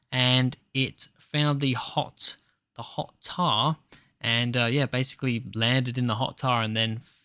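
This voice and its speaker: A man's voice: medium pitch, sharp tone, smooth, no room sound, studio quality. A man giving a casual spoken review of a TV episode, rambling and hesitant, with frequent ums and restarts. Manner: hesitant, filler-heavy, rambling.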